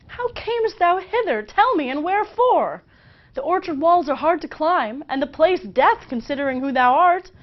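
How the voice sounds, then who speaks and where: A woman's voice: high voice, animated, normal speed, voice pushed up. A woman voicing young Juliet, declaiming verse dramatically in a raised voice. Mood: impassioned. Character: young lovestruck girl Juliet, impassioned. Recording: slightly dull lo-fi recording.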